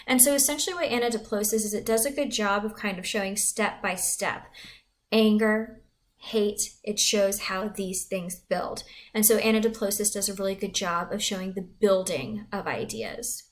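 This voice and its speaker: Young adult female teacher, relaxed explanatory delivery, mid pitch. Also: normal speed. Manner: casual, explanatory, with fillers. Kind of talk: recorded classroom lesson.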